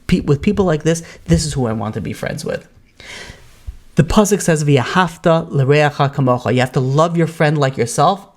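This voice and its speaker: A man, a rabbi, telling a parable in a Torah lecture, acting out the characters and using many fillers. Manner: animated storyteller, acts out quoted characters with rising pitch; frequent fillers like "you know, like".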